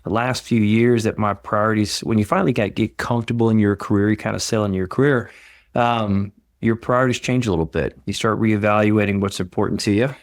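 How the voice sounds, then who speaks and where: Friendly Texan man with a low voice. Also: no echo, studio quality. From Southeast Texas. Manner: friendly, self-deprecating, storytelling. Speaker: neurosurgeon guest. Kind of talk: casual interview.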